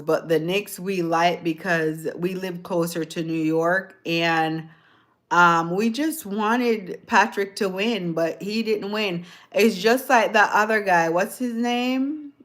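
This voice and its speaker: With a fairly low pitch and a slow delivery, a woman with a slight Jamaican accent talks casually to her livestream audience. She rambles, chuckles often, and keeps asking her viewers questions.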